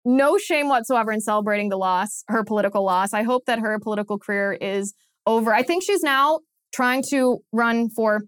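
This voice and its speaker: A woman's voice: on the high side, moderate pace, smooth, no echo, studio quality. Scornful, emphatic woman podcast host. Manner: scornful, mocking; emphatic, repeats phrases for effect. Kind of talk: opinionated political commentary.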